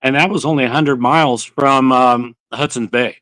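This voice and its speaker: A man's voice: medium pitch, fairly even intonation, moderate pace, a bit bright, no room sound, low-quality recording. A man hosting a casual live-stream chat, telling rambling stories and swearing casually. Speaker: host of a barbecue channel livestream.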